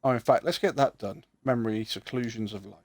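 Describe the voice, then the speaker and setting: A man's voice: medium pitch, fairly quick, a little mellow, no echo. A young man chatting casually and joking with his viewers while streaming a game. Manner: chatty, joking, talks to chat. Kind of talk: casual gameplay chat.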